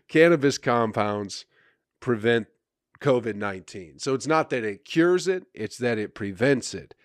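A man's voice: on the low side, dry recording, studio quality. A male comedian hosting his own podcast, rambling in a crude, sarcastic way with mock self-importance. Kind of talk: casual solo podcast monologue.

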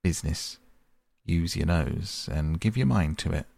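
A man's voice: deep voice, lively intonation, unhurried, gravelly, darkish tone, no room sound, heavily acted. A man reading the part of a kindly, hearty male water rat in a storybook, talking in a bluff, cheerful way.

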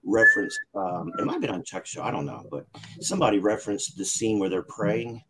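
On a live stream, a male guest chats casually, rambling and cutting himself off mid-sentence. His voice is lowish and sing-song, moving a little fast, and the audio is very noisy.

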